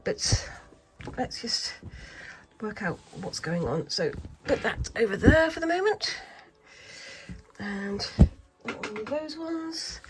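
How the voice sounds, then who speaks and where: A woman chatting casually while sewing for a craft vlog, thinking aloud with many pauses and fillers, sometimes dropping into a soft half-whisper. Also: mid-range voice, background noise. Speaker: craft vlogger. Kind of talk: casual craft tutorial chat.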